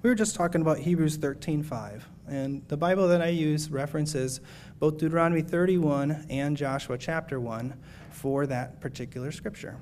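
A man giving a sermon in an earnest, measured way, reading scripture aloud and explaining it to his congregation. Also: a little high, darkish tone, a little hiss or hum. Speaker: preacher.

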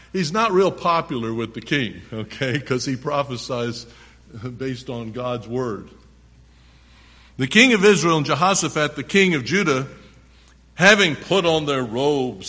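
A man's voice: mid-range voice, a bit bright, big-room sound. A man preaching a sermon, reading a scripture passage aloud and stopping often to explain it in plain words.

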